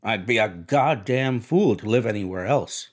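A man's voice: on the low side, animated, moderate pace. A man voicing a blunt, domineering rich young husband who speaks in a curt, brusque way.

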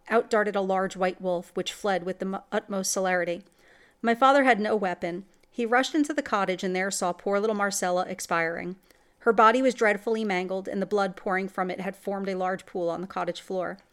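A woman reading a classic gothic horror story aloud in scripted narration, with dramatic delivery. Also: medium pitch. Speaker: story reader.

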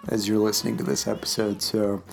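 A man with a low, gravelly voice chats loosely as a podcast co-host, rambling and cracking jokes as he goes. Faint music plays softly behind him. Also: flat delivery, brisk. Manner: rambling, laughs often, jokey. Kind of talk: casual chat.

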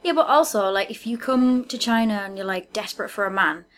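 A woman's voice: mid-range voice, fairly quick, a little hiss or hum. A woman co-hosting a podcast, chatting casually and laughing often, with frequent restarts. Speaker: podcast co-host. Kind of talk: casual chat.

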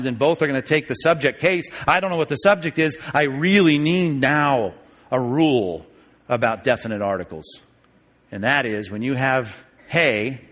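A man, a pastor, teaching a Bible study class about Greek grammar, joking and slowing down to spell out key sentences. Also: medium pitch. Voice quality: lively, joking, moves between quick asides and slow deliberate reading.

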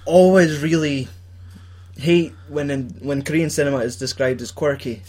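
A man's voice: fairly high pitch, steady tone, normal speed, a little mellow. A young Scottish man chatting casually about films, swearing and laughing often as he acts out scenes. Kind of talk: casual film chat.

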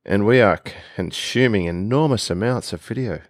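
A man's voice: fairly low pitch, moderate pace, dry recording, clean studio sound. A man with an Australian accent, a podcast guest explaining things with enthusiasm in casual conversation.

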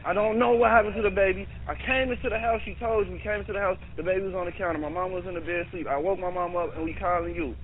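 Guy on a 911 call, high voice, pushy and fed up, tinny phone line. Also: steady tone, racing, hardly any pauses, a little hiss or hum. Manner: urgent, insistent, exasperated. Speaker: 911 caller.

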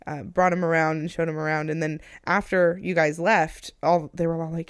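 A woman's voice: fairly low pitch, a little fast, few pauses, clean tone, dry recording, clean studio sound. A woman co-hosting a podcast, chatty and rambling, trailing off into fillers and short laughs. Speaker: podcast co-host. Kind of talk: casual storytelling chat. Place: small indoor room.

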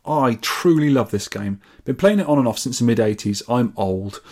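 A man's voice: medium pitch, lively intonation, moderate pace, a little mellow. A man from England co-hosting a podcast, reading out listener scores and comments with wry asides in casual chat. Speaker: podcast co-host.

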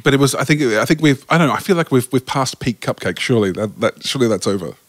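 A man co-hosting a podcast about an audio drama he helped make, chatting quickly and laughing often. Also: mid-range voice, lively intonation, dry recording. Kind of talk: casual chat.

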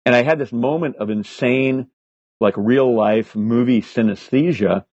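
Husky man telling profane stories. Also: mid-range voice, measured pace, no echo. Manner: profane, animated anecdotes with many fillers. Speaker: guest. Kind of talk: casual storytelling interview. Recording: slightly dull lo-fi audio.

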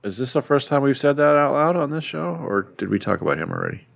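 A man's voice: medium pitch, very animated, quick pace, gravelly. A man co-hosting a podcast in casual chat, asking curious follow-up questions. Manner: inquisitive, asks follow-up questions. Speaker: podcast co-host.

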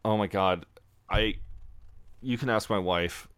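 A man's voice: lowish voice, slow pace, fairly bright tone, smooth, no room sound. A man co-hosting a podcast, chatting casually, swearing freely and acting out characters' lines. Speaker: podcast co-host. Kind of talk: casual chat recapping a show.

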